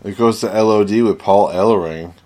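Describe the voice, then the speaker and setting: A man's voice: fairly low pitch, brisk, a little mellow. A man co-hosting a casual wrestling podcast, speaking hesitantly with restarts and trailing thoughts. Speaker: podcast co-host.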